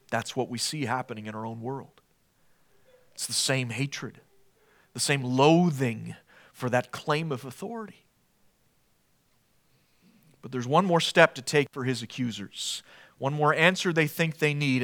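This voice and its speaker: A man preaching a sermon with passion. He swings between loud, emphatic declarations and hushed, low passages, and repeats short phrases for emphasis. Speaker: pastor.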